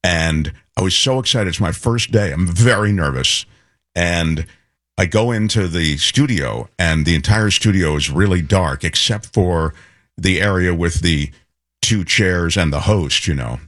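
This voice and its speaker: A man co-hosting a show, telling a lively anecdote in casual chat and imitating people as he goes. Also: deep voice, unhurried, no echo, studio quality. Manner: animated anecdote teller, imitates voices.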